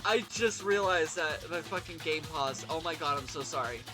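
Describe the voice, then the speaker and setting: A man streaming a game, reacting with raw emotion and plenty of swearing. His voice is on the higher side for a man, and clear game music plays behind him. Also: moderate pace. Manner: openly emotional, swearing, exclaiming. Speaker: let's play streamer. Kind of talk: emotional let's play commentary.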